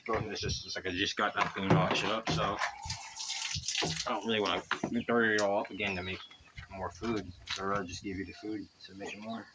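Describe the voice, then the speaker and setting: A young man tells a rambling, profane story straight to his phone camera, chatty and loose. His voice sits a bit low. Clear outdoor noise and birds run under the recording. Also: flat delivery, fast talker. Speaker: vlogger. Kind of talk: casual storytelling vlog. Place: outdoors by the water.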